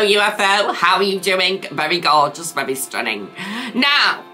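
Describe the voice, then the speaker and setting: A woman's voice: expressive, moderate pace, pushed and bright, soft background music. A woman hosting a gaming video, theatrical and camp, full of playful catchphrases. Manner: swoops between high squeals and low drawls. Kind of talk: casual gameplay commentary.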